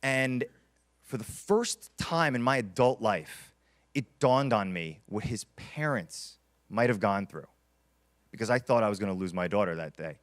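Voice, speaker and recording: A man's voice: on the low side, expressive, measured pace. A man in his thirties giving a motivational keynote, telling stories dramatically and repeating key lines for emphasis. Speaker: keynote speaker.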